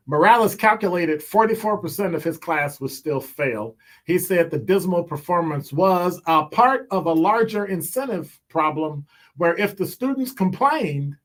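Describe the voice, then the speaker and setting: A man hosting a call-in talk radio show, delivering a lively monologue with teasing, joking asides. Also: a little high.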